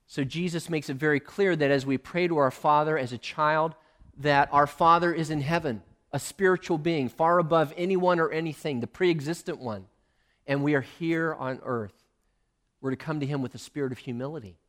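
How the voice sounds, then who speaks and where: A male preacher giving a sermon, emphatic and swinging between loud and hushed. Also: mid-range voice, normal speed.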